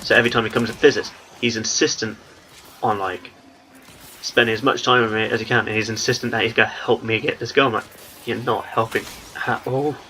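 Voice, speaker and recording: A man's voice: fairly low pitch, fairly even intonation, quick pace, pushed and bright, slight background noise, poor audio. A young man with an English accent, talking in a rambling, chatty way as he commentates on his gameplay. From England. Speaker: gaming channel host.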